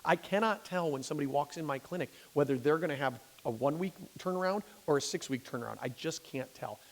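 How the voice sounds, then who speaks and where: A man's voice: fairly high pitch, fast talker. A man, a physician, giving a conversational lecture to a lay audience. He often restarts sentences and checks in with "okay?". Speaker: physician giving a public talk. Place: church hall. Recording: long hall reverb.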